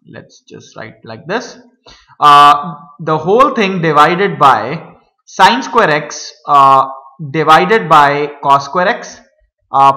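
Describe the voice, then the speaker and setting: A man teaching a math lesson, talking viewers through each step with many pauses and fillers. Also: fairly high pitch, pushed and bright, echoey room, rough recording. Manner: hesitant, many fillers, addresses viewers as guys.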